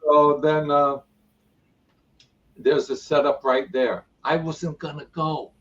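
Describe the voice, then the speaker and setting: Man telling his spiritual story as a guest, lively and acting out quotes, set back from the mic. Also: fairly high pitch, slow, distant mic, lo-fi sound. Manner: retells events with repeated "I go" and acted-out quotes. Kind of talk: animated personal storytelling.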